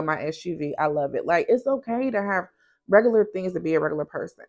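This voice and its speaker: A woman's voice: fairly low pitch, expressive, fast, a little mellow. A woman who runs a small business and hosts a podcast, talking frankly and conversationally, straight to her listeners. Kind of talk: candid motivational talk.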